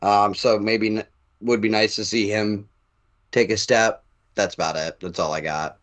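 A man co-hosting a casual sports podcast, talking haltingly and restarting his sentences. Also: lowish voice, fairly even intonation, fairly bright tone. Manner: halting, many fillers and restarts. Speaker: podcast co-host.

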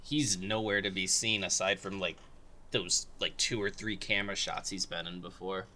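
A man's voice: deep voice, steady tone, normal speed, pushed and bright, slight background noise. A man co-hosting a casual podcast, talking hesitantly with many fillers. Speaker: podcast co-host. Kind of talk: casual chat.

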